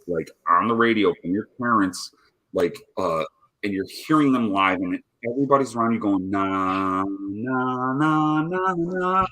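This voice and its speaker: A man's voice: on the low side, fairly bright tone, breathy edge. A man chatting casually on a live stream, rambling and swearing constantly as he tells stories. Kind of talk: casual chat. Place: home, rolling a cigarette.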